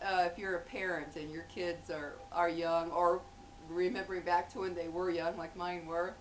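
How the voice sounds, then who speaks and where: A middle-aged woman chatting casually to camera at home, laughing often and acting out little everyday scenes. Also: fairly low pitch. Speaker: vlogger. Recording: voice a bit far from the mic, faint hum.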